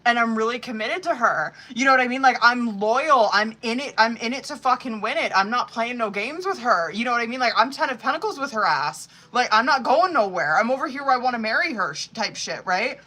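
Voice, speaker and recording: Woman reading tarot live, bright and forward voice, loose, foul-mouthed, talkative. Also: a little high, expressive, brisk, few pauses. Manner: profane, chatty, full of "like" and "you know what I mean". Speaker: tarot reader. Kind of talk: live-streamed tarot reading, casual chat.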